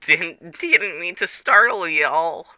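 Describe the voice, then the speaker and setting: A casual, easygoing young adventurer with a bright, crisp voice, done by a man narrating a silly tale. He talks in a slightly raised, drawling way. The recording is dry, dull and lo-fi. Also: fairly high pitch, lively intonation, slow pace, dry recording, pitched above the performer's own voice, exaggerated voice. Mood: laid-back.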